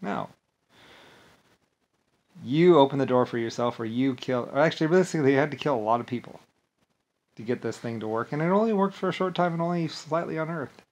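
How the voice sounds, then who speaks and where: Man, agitated rant, mid-pitched voice, profane, repetitive, stumbling restarts. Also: fast, darkish tone. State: agitated and angry. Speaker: vlogger. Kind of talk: angry rambling monologue.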